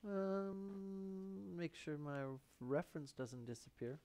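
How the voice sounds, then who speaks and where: A man's voice: high voice, slow, darkish tone. A man hosting a live painting stream on a lavalier mic, playful, muttering to himself and drifting into whispers. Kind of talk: live painting demonstration chat. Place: painting studio. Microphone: lavalier microphone.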